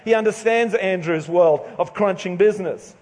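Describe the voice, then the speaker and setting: A man's voice: high-pitched, normal speed, darkish tone, in a large hall. A middle-aged Australian man preaching a sermon in a casual, joking, conversational way, stumbling over his words now and then. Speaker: pastor.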